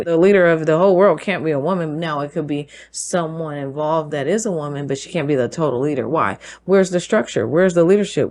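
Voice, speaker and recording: A woman's voice: low-pitched, darkish tone. Emphatic woman hosting a monologue. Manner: emphatic, fires rhetorical questions. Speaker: show host. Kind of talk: opinion monologue.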